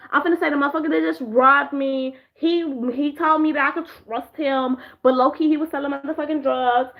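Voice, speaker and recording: Tipsy high-voiced young woman rambling. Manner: rambling, profane, animated impressions. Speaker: vlogger. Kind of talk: casual drunk show recap. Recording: dull lo-fi home video audio.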